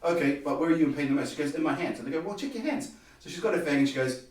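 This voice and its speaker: A man, a podcast guest, telling a personal story in an animated way and acting out the dialogue. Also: a little high, racing. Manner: animated, acts out quoted dialogue. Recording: very echoey room, distant mic.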